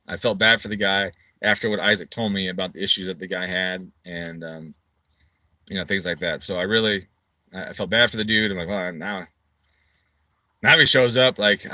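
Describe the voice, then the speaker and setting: Middle-aged male shop owner, casual storyteller; bright, punchy tone, dry close recording, swears freely. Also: on the low side, no room sound. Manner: animated, swearing, acts out his own quoted replies loudly.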